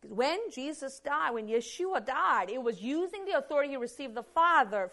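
A woman preaching a Bible sermon, posing rhetorical questions and answering them, shifting from hushed lines to loud emphasis. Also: high-pitched, lively intonation, moderate pace, hardly any pauses.

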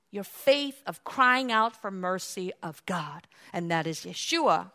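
A woman's voice: lowish voice, animated, moderate pace. A woman preaching a sermon, with conversational asides full of fillers, swelling into impassioned cries as she acts out scripture. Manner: impassioned, rising to loud cries when acting out scripture.

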